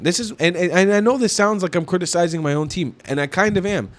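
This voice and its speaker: A man's voice: high-pitched, very animated, brisk, few pauses. A man giving indignant, mocking reaction commentary on video clips.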